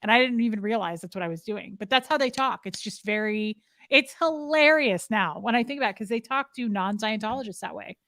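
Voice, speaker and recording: A woman's voice: mid-range voice, animated, a little fast, few pauses, a bit bright, dry recording, studio quality. A woman co-hosting a podcast, telling stories candidly in casual chat and mimicking clipped commands. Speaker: podcast co-host.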